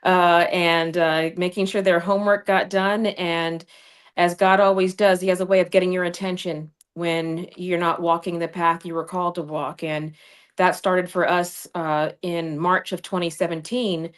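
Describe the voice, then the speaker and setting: Calling in over a streaming video call from her home studio, a female congressional candidate appears as a livestream guest and tells her story combatively and with fire. Her voice runs on the low side with a flat delivery at a moderate pace, picked up by a remote streaming mic.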